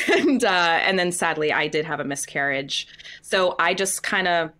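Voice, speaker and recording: Lively, chatty woman on a podcast. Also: lowish voice, normal speed. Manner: chatty and animated, acting out quoted voices. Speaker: Broadway actress, guest. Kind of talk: casual interview chat.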